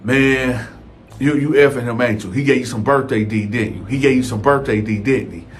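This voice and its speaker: A man's voice: medium pitch, normal speed, lightly acted. A man voicing a jealous, insecure husband who keeps firing accusing questions in slangy street talk.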